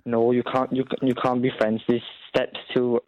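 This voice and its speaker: A man's voice: mid-range voice, level tone, moderate pace, no echo. Hesitant rambling young male caller. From England. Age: young adult. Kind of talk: phone-in call. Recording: dull lo-fi phone line.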